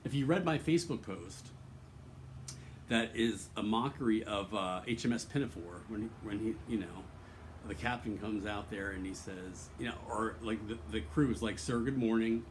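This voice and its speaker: A man's voice: lowish voice, moderate pace, slight background noise. A man talking straight to camera in a rambling, candid personal confession, earnest and emotionally open, swearing freely and restarting his sentences often. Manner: candid and profane, full of restarts and fillers. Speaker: vlogger.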